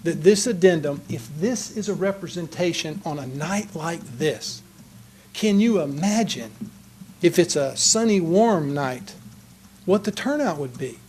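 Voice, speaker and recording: A man with a drawl speaks at a council meeting podium with earnest, passionate conviction. His voice sits high for a man. He pleads rather than lectures, addressing the room directly. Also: expressive, unhurried, darkish tone, slight background noise. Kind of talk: public comment speech. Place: council chamber.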